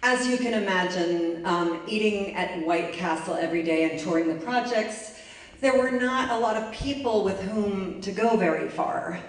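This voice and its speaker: A woman's voice: medium pitch, normal speed. A woman telling a personal story to a live audience in a wry, self-mocking comic way. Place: library event space. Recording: echoey room, mic far off.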